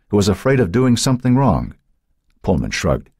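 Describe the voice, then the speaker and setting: A man narrating an audiobook in a measured storytelling manner. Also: lowish voice, sing-song, a little mellow, slightly rough, no echo, studio quality. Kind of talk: scripted narration.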